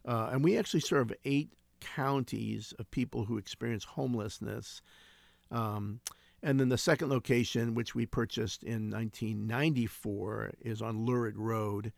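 Speaking at a moderate pace, a sixty-something founder of a homeless ministry tells stories during an interview. His medium-pitched voice is creaky with fairly even intonation, and there's no room sound. He comes across as earnest and reflective, often restarting his sentences.

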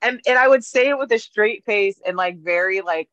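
A woman's voice: mid-range voice, moderate pace, fairly bright tone, dry recording, highs cut off. A woman co-hosting a podcast, telling stories in a chatty, playful way with lots of fillers. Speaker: podcast co-host. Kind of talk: casual chat.

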